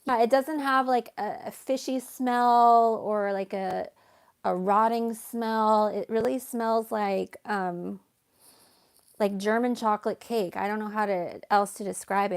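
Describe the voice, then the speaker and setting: A woman hosting a casual livestream, soft-spoken and chatty, reading viewer comments aloud. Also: mid-range voice, fairly even intonation, slow pace, smooth. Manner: soft-spoken, chatty, baby-talks to her cat. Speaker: livestream host.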